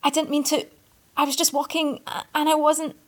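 A woman's voice: fairly high pitch, fairly even intonation, measured pace, gravelly. Woman playing a stammering flustered young man. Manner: stammering, apologetic then peevish.

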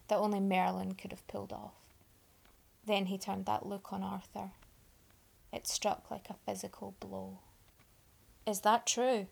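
A woman narrating a story in a steady, expressive reading. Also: medium pitch, creaky, slightly rough.

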